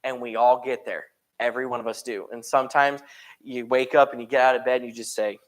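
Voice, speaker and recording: This preacher speaks in a mid-range voice with fairly even intonation, moving a little quickly. He's an American man teaching a conversational church Bible study, often checking in with listeners and acting out quoted voices for a moment.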